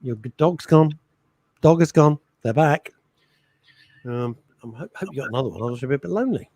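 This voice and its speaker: A man's voice: mid-range voice, lively intonation, brisk, dark tone. A man co-hosting a casual radio chat show, joking while reading listener messages.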